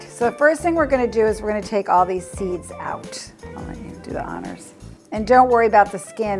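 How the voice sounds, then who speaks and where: A woman's voice: on the low side, creaky. Woman, cooking show host, chatty, laughing easily, home kitchen, music playing behind. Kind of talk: casual cooking demo.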